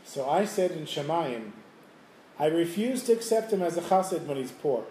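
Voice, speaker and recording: A man doing a calm wise old Rebbe. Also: fairly high pitch, moderate pace, a little hiss or hum, lightly acted. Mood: explaining. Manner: calm explaining. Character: wise elderly male Hasidic Rebbe, calm. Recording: roomy room, faint ambience.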